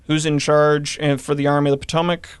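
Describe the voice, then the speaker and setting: Man, mid-pitched, podcast guest, explanatory, dry close sound. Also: flat delivery, fast talker, clean tone, dry recording. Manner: explanatory, reads from old newspapers, some fillers. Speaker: guest historian. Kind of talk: podcast conversation.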